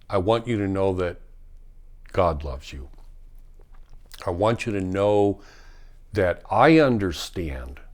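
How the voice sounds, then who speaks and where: A middle-aged man talking casually and frankly about spiritual life, rambling with many fillers and restarts. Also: sits low. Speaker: spiritual talk host and former firefighter.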